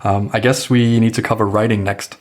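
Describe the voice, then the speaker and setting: A man's voice: lowish voice, little pitch movement, fairly quick. A man hosting a podcast interview, affirming and summing up his guest's points. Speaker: podcast host.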